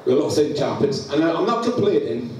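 A Scottish man preaches in a church, laughing through a funny personal story and acting out the sounds in it. His voice sits a little high. He sounds far from the mic in a very echoey hall, with clear noise behind him. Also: very animated, fast talker, a little mellow. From Scotland. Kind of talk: humorous sermon storytelling.

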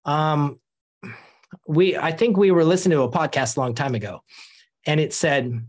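A man's voice: fairly high pitch, normal speed, long pauses. A man training insurance sales agents in a casual coaching talk, repeating key points.

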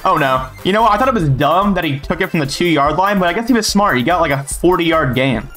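A man's voice: on the high side, animated, fairly quick, a bit bright, faint music behind. A young man giving live commentary on his own football gameplay, bragging and joking as he trash-talks. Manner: boastful, joking trash talk. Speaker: gaming YouTuber.

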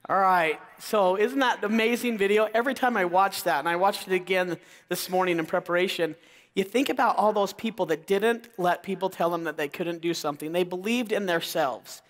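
Enthusiastic male keynote speaker in his 40s, bright high voice, echoing in a large hall. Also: a little fast, soft background music. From Idaho. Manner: enthusiastic, crowd-engaging, calls out questions to the audience. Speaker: motivational speaker. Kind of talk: energetic keynote talk. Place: large auditorium. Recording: long hall reverb.

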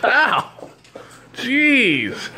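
A man's voice: extremely high pitch, wildly swooping pitch, drawn-out words, sharp tone, slight background noise. A man vlogging at home who talks to his dog in a teasing, playful, coaxing way. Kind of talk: casual talk to a pet. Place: home room with dogs around.

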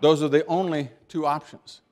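An older man from the United States giving a keynote speech, telling folksy stories and making points with emphatic pauses and repeated words. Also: on the high side, fairly even intonation, a little mellow. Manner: folksy storytelling, acting out little scenes. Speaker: keynote speaker.

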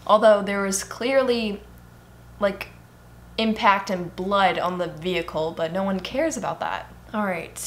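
A young woman hosting a reaction video, chattering excitedly and gasping at what she watches. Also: medium pitch. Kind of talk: casual reaction commentary.

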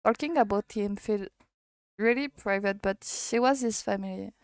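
A French woman streaming and reading a visual novel aloud in English, hesitant and halting, often laughing between lines. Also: medium pitch, clean tone, no echo, clean studio sound. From France.

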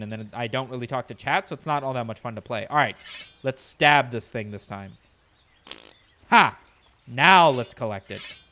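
A man's voice: mid-range voice, sharp tone, slight background noise. A man streaming a game, joking and bragging to his chat as he plays. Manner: jokey boastful banter with chat. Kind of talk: let's play commentary.

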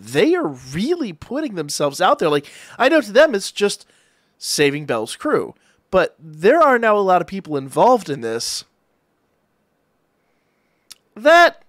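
A man casually recapping an anime episode, rambling excitedly and acting out the characters' lines as he goes. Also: sits high, no echo, clean studio sound. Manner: excited, rambling retelling with acted-out quotes. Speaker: anime reviewer.

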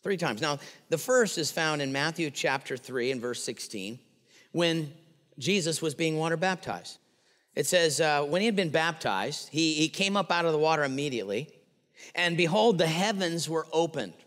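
A man preaching a sermon as pastor, animated and acting out quotes with playful voices. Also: a little high, moderate pace. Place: church sanctuary. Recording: long hall reverb.

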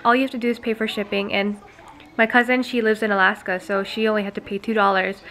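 A woman's voice: medium pitch, level tone, fast talker, a bit bright. A young woman, a mother vlogging in her home kitchen, talking in a chatty, teasing way to a handheld camera. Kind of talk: casual home vlog chat. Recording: faint background noise.

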